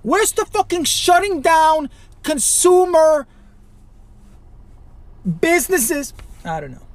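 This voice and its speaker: A man from Chicago hosting a podcast, ranting alone with constant swearing, rhetorical questions and sudden loud outbursts. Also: extremely high pitch, sing-song, slow pace, no room sound. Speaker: podcast host. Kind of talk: profane solo rant.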